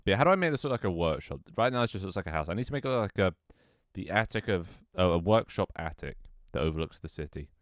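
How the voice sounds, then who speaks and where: A man with a very deep, low voice mutters and thinks aloud while he builds a game level on stream. He swears freely, banters with his chat, and his voice sometimes cracks. The sound is dry and close, with no room echo. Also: animated, fast talker, few pauses. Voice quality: voice cracks at times. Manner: mutters to himself, swears often, jokes with chat.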